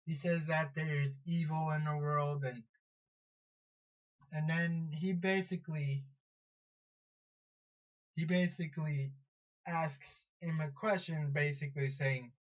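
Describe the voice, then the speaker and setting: A high-voiced man retells a superhero story at an unhurried pace, stumbling over restarts and fillers as he goes. The recording sounds dull and lo-fi. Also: fairly even intonation. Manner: rambling, halting, many restarts and fillers. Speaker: vlogger counting down superheroes.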